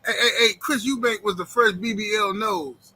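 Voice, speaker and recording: A man hosting a live boxing talk stream from home, chatting casually in an animated, joking, slangy way. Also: high voice, normal speed, creaky, husky, rough recording.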